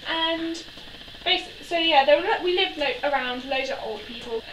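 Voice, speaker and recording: A woman's voice: high-pitched, normal speed, fairly bright tone. A young woman telling childhood stories in a casual vlog, giggling and acting out the people she quotes. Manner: giggly, acts out quoted voices. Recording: echoey room from a distance, faint noise.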